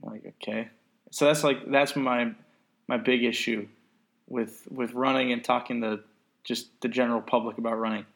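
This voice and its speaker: A man's voice: mid-range voice, fairly even intonation, moderate pace, a bit bright. A man co-hosting a podcast in casual chat, ranting sarcastically and swearing freely. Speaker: podcast co-host.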